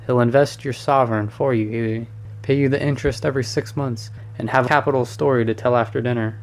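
A man's voice: mid-range voice, steady tone, a little fast, natural voice. A man reading as an amused painter friend. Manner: teasing, amused. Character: cheerful worldly male painter friend. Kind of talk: audiobook reading.

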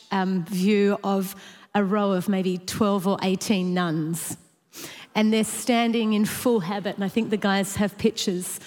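A woman telling a lively personal story in a church talk, animated and laughing between lines. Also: medium pitch, big-room sound. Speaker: church speaker sharing a story.

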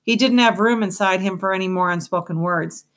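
A woman giving a measured, steady scripted narration of an audiobook. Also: mid-range voice.

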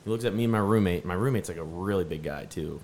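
A man with a somewhat low voice tells a rambling story on a podcast. He keeps breaking into laughs as he talks. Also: quick pace, a little mellow, a little hiss or hum. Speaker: podcast co-host. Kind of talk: casual storytelling chat.

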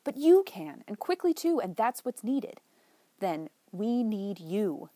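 A woman's voice: mid-range voice, very animated, slow pace, dark tone, dry recording. Brief: woman reading as a skeptical young tutor, dry and pointed, close dry sound. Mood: wry.

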